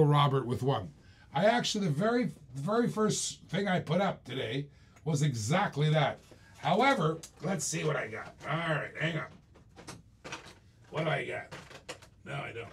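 A man hosting a live-stream auction, pitching items in a hyped, repetitive salesman patter. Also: gravelly, slightly rough.

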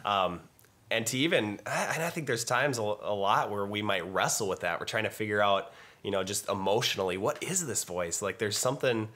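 A man's voice: fairly low pitch, brisk, bright, forceful tone. A young man speaking as a guest in a faith-based talk, thoughtful and easygoing, laughing easily. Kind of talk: casual faith discussion.

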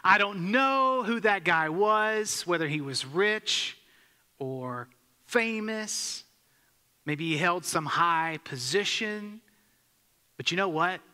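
A man with a fairly high, very bright voice preaches to his church and tells a story in an easy, conversational way. He asks the congregation questions as he goes. The sound carries a long reverb from the hall. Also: lively intonation, slow, smooth. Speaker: pastor. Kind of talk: sermon. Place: church sanctuary.

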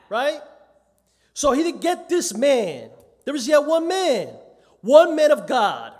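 A church elder delivers a sermon in a strikingly high voice, driving points home by repeating his phrases. He lends quoted speakers their own voices as he goes. The sound carries the long reverb of a church sanctuary on a live stream.

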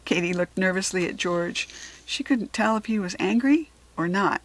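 Brief: woman, gentle storybook narrator, mid pitch, dry close-mic sound. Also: moderate pace, no echo. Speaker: children's book reader. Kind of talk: reading a children's chapter book aloud.

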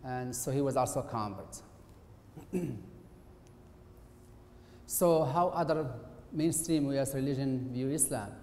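A man's voice: mid-range voice, measured pace, pauses often, darkish tone. A middle-aged man, an occupational therapist, giving a conversational, somewhat hesitant presentation lecture in a university auditorium. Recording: echoey hall with faint hiss.

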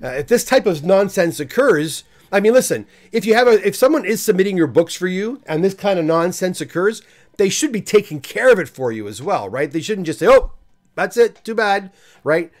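A man's voice: high-pitched, expressive, brisk. A man hosting a live comic unboxing stream, venting in an exasperated, repetitive rant and then greeting viewers in the chat. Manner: exasperated, ranting, repeats himself when worked up.

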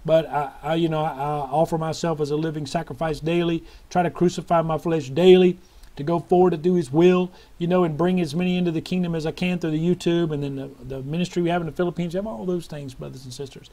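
Fervent preaching man, higher voice. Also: steady tone, quick pace, mellow. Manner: fervent preaching, breaks into song and repeated hallelujahs. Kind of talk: sermon.

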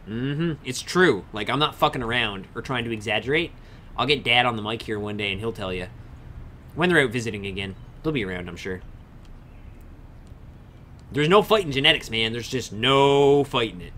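A man's voice: mid-range voice, animated, normal speed, sharp tone, a little hiss or hum. A young man chatting casually with viewers on a game livestream, swearing freely and answering chat. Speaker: game streamer. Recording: faint music behind the voice.

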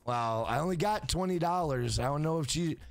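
A man's voice: a little high, expressive, fairly quick, vocal fry, no room sound. A man hosting a casual game livestream, talking loosely and profanely to his chat.

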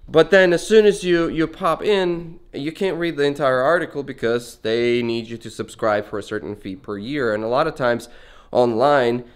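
Male vlogger, mid-pitched, earnest, meandering delivery, talking on the move. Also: normal speed, clean tone. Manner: rambling, earnest, conversational; talking while walking around. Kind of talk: casual reflective monologue.

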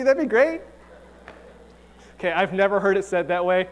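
Chatty joking male pastor, higher voice. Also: animated, moderate pace. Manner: chatty, joking, asks rhetorical questions. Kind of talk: conversational sermon. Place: church sanctuary.

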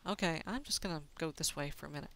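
A woman's voice: sits low, fast talker, a bit bright, slight background noise. A woman giving playful, chatty commentary while she plays a video game, talking to herself as she goes. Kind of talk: gameplay commentary.

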